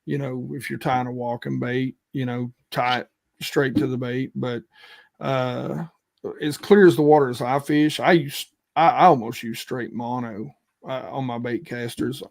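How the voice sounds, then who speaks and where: A man's voice: mid-range voice, steady tone, creaky. A man hosting a live fishing stream, talking casually and emphatically about tackle with his guests. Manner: folksy, emphatic, quick asides. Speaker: fishing show host.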